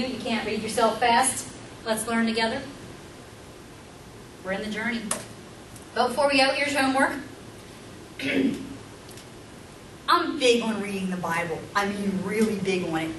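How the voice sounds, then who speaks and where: A middle-aged woman leads a conversational teaching seminar, pressing her points emphatically and peppering the audience with rhetorical questions. Her voice is slightly high and a bit bright, captured by a distant mic in a roomy space with a faint hum behind it.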